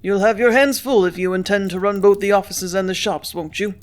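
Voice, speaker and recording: A woman's voice: mid-range voice, steady tone, brisk, lightly acted. A woman voicing a mocking old bookkeeper. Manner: teasing. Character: secure, mocking veteran male bookkeeper.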